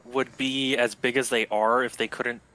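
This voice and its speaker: A man's voice: mid-range voice, level tone, normal speed, sharp tone, poor audio. A man playing a tabletop game, making dry, wry remarks. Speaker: player.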